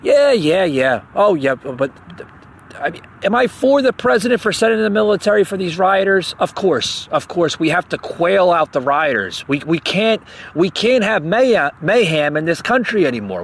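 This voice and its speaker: A man's voice: high-pitched, sing-song, normal speed. A man hosting a podcast, ranting heatedly about politics, stammering and repeating himself as he gets worked up, with bursts of mocking sarcasm. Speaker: podcast host.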